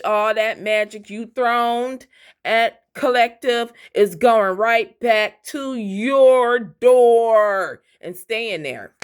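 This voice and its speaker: A woman's voice: mid-range voice, clean tone. A woman giving a fiery, profane tarot reading, blunt and defiant. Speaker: tarot reader.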